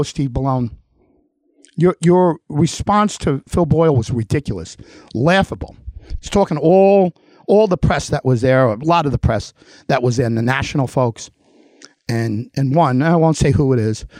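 A political talk show host delivers a heated monologue, firing emphatic, repetitive rhetorical questions and challenges at an absent official. His voice is a little high and a little mellow, recorded in studio quality with no echo.

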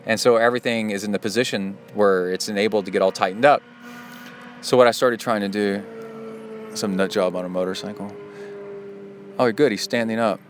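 A middle-aged man hosts a casual podcast monologue in a fairly low voice. He is chatty and self-deprecating, and he drifts into side stories as he goes. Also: fairly even intonation, moderate pace, long pauses, a little hiss or hum. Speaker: podcast host.

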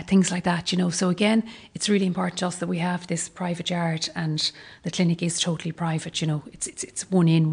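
A woman's voice: on the low side, creaky, slightly rough. An Irish woman who runs a clinic, chatting casually with many fillers while giving a tour of the rooms and stairs. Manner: chatty, rapid, full of fillers. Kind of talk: casual chat during a walk-through.

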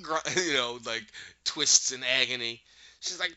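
A man's voice: mid-range voice, moderate pace, bright, forceful tone, dry recording, dull audio. A man casually recapping a show, animatedly retelling scenes and acting out the characters' lines. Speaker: podcast host recapping a show.

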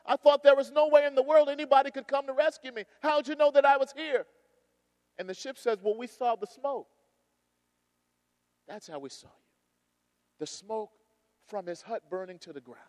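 Man, pastor, high voice, sermon, swings loud to hushed, echoey church hall. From United States. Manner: dynamic preaching, swinging between loud emphasis and hushed storytelling. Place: church sanctuary.

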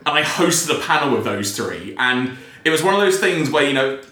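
A young man hosting a podcast, telling stories in a lively way and laughing often. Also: mid-range voice, fairly quick. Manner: animated storyteller, acts out quotes, laughs often. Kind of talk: casual chat. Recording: roomy echo.

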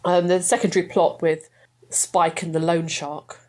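A woman's voice: on the low side, flat delivery, measured pace, darkish tone. A woman chatting enthusiastically as a guest, laughing often. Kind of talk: casual chat.

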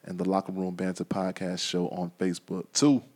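A man's voice: deep voice, completely flat delivery, a little fast, a little mellow. A man hosting a casual podcast, chatting in a laid-back, slangy way and laughing often. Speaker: podcast host. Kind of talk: casual banter.

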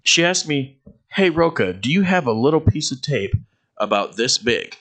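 Speaking at a normal pace in a medium pitch, this man co-hosts a podcast and shares vulgar tales from work. The storytelling is loose and lively, full of swearing, laughter, and quotes he performs out loud.

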